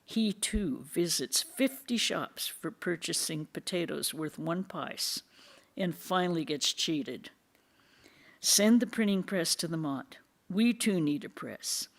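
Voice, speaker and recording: A reader gives voice to a spirited elder monk who scolds and commands his companions. The lines come out emphatic and lively, with the pitch jumping on key words. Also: takes it slowly, vocal fry, heavily acted. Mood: scolding.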